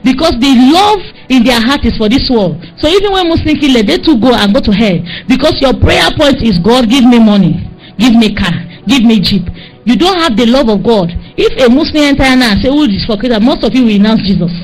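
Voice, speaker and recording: A woman's voice: high voice, lively intonation, fairly quick, hardly any pauses, low-quality recording. A woman with a Nigerian accent preaching a sermon, scolding and exhorting her listeners with insistent repetition.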